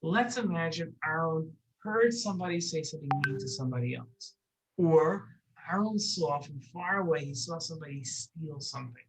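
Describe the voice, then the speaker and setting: A children's Torah teacher telling a lesson story, gentle and repeating words for emphasis. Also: mid-range voice, lively intonation, normal speed, rough recording.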